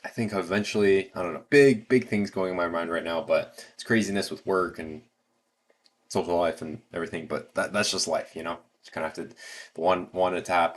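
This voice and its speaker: Low-voiced rambling American man. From United States. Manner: rambling, with many fillers and restarts. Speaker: livestream host. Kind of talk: casual livestream chat.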